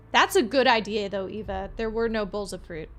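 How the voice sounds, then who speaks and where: A woman's voice: medium pitch, a little slow, fairly bright tone, soft background music. A woman from Florida, a streamer chatting playfully with her viewers while she plays a point-and-click detective game. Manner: chatty, playful, talks to chat. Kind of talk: let's play commentary.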